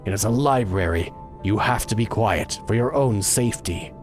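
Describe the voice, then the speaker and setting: Scolding, fussy librarian for a game, read aloud by a man, animated pitch. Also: moderate pace, music in the background, close to an everyday voice. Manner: scolding, insistent. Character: stern fussy male librarian.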